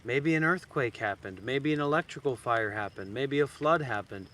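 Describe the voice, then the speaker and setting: A man giving a meditation talk as a teacher, blunt and teasing, swinging from soft and slow to sudden loud bursts. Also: medium pitch, lively intonation. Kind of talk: dharma talk. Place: outdoors in a graveyard.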